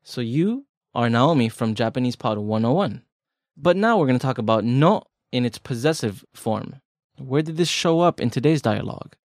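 Explaining grammar on a language lesson podcast, this male co-host is easygoing, talkative and full of jokes. His medium-pitched voice is animated at a moderate pace, in echo-free studio quality.

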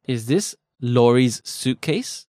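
A man's voice: medium pitch, lively intonation, takes it slowly, dark tone, no room sound, studio quality. A man co-hosting a language lesson podcast, explaining grammar in a casual, chatty, joking way. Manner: laid-back, chatty, joking. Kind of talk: casual teaching chat.

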